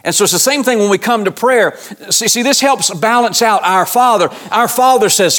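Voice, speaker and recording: High-voiced preaching man. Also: moderate pace, hardly any pauses, fairly bright tone. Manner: earnest preaching with frequent repeated words and restarts; colloquial, talks straight to the congregation. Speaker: pastor. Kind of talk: sermon.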